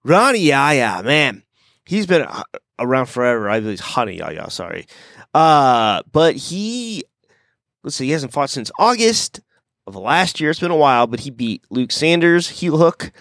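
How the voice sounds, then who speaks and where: A man's voice: mid-range voice, sing-song, a little slow, a bit bright, no room sound, clean studio sound. A man hosting a casual fight-picks podcast, talking in a rambling, self-deprecating way. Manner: rambling and self-deprecating, many "you know"s. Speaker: podcast host.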